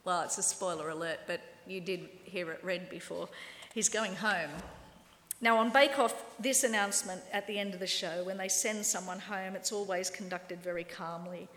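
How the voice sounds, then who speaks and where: A woman preaching a lively, wry sermon and acting out quoted voices. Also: fairly low pitch, normal speed, a little hiss or hum. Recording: echoey hall with long reverb.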